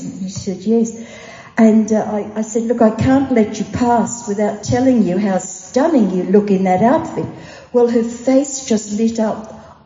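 A woman's voice: mid-range voice, measured pace, dark tone. An older Australian woman chatting and telling stories, chuckling and getting a little emotional as she talks. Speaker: guest sharing testimonies. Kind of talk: casual storytelling. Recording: dull echoey hall audio.

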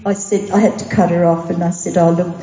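A woman's voice: on the low side, flat delivery, brisk, dark tone. Chatty older Australian woman telling stories. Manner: chatty, chuckling, emotional. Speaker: guest sharing testimonies. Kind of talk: casual storytelling. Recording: dull echoey hall audio.

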